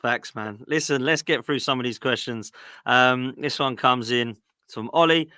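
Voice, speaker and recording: A man, co-hosting a casual football podcast in a lively, direct way. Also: mid-range voice, measured pace, no room sound, studio quality. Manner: animated, mocking rival fans with put-on voices; chatty, direct. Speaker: co-host.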